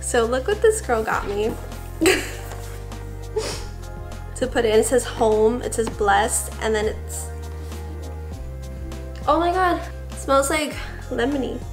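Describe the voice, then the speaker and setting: A young woman vlogger chats casually about her Christmas gifts, gushing and leaning on fillers like "like" and "I don't know." Her fairly high voice is expressive at a normal pace, with soft music in the background.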